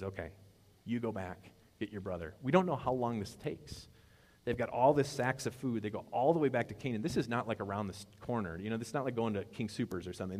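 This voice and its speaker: A man's voice: fairly low pitch, a little mellow. A man preaching a sermon in a conversational way, asking his congregation questions as he retells a story. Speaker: pastor. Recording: long hall reverb.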